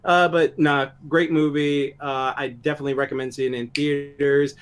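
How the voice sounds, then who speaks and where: A man's voice: on the high side, normal speed, a crowd in the background. A man co-hosting a podcast, ranting in casual chat with lots of swearing. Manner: animated ranting with frequent profanity. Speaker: podcast co-host. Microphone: home microphone, live online show.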